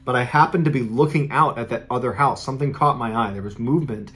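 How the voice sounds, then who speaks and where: A man's voice: medium pitch, quick pace, a bit bright, lightly acted. A man voicing a shaken father. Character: frightened, shaken middle-aged father.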